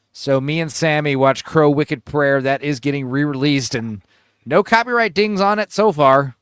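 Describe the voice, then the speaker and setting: A man's voice: on the high side, fairly bright tone, clear, resonant tone, no room sound, clean studio sound. A man hosting a livestream, telling crude, rambling stories in casual chat. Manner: crude, rambling, joking storyteller. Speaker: livestream host.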